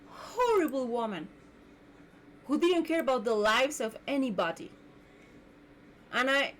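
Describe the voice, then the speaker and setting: A woman's voice: a little high, slight background noise. A woman hosting her own podcast, delivering an indignant, repetitive rant as a solo monologue. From Mexico. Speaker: podcast host.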